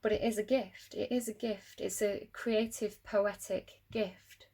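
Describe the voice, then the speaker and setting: A woman's voice: mid-range voice, steady tone, a little slow, a little mellow. An English woman giving a tarot reading, telling her story in a casual, rambling way with many fillers and little laughs. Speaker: tarot reader.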